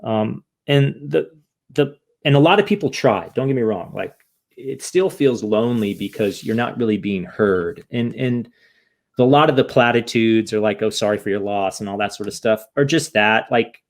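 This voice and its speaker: A man's voice: mid-range voice, moderate pace. A man from the United States, a podcast guest, speaking candidly and rambling with many restarts in an emotional interview.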